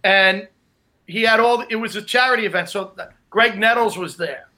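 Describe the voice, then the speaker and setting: Casting note: male comic, high bright voice, animated raconteur. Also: moderate pace. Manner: animated anecdote telling with laughs. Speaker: comedian. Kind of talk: casual storytelling chat.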